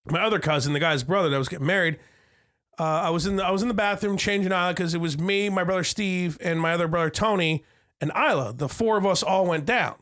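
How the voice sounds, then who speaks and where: A man's voice: sits high, quick pace, a bit bright. A young man co-hosting a casual comedy podcast, swearing a lot and telling crude jokes and stories. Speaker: podcast co-host.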